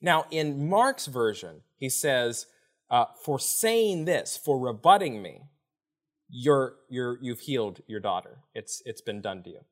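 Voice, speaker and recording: The speaker is a male author and podcast guest recounting a Bible story in a conversational way. He takes his time, his pitch is medium, and he brings the quoted figures to life with animated impressions.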